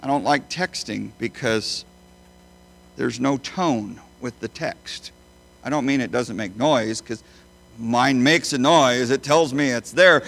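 A man preaching a sermon as a pastor, emphatic, swinging between loud high bursts and quiet low phrases. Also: slow, gravelly. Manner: emphatic, with big swings in pitch and loudness.

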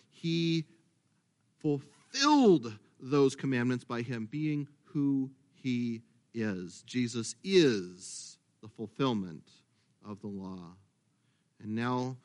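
A middle-aged man preaching a sermon as pastor, talking in a conversational way with asides and self-corrections. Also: mid-range voice.

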